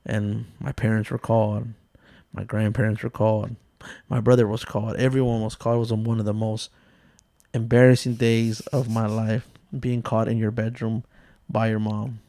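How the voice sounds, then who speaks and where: A man's voice: fairly low pitch, level tone, moderate pace, warm tone, dry recording, studio quality. A man in his thirties co-hosting a casual podcast, telling stories with loose jokes, swearing and frequent laughs. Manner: loose, joking, swears a lot, laughs often. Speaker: podcast co-host.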